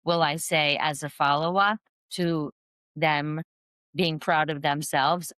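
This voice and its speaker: A woman with a notably low, smooth voice speaks as a podcast guest, a parent coach who explains her ideas in an earnest, measured manner. The recording is close and dry, with no room sound. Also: steady tone, a bit bright, dry recording. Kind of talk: podcast interview.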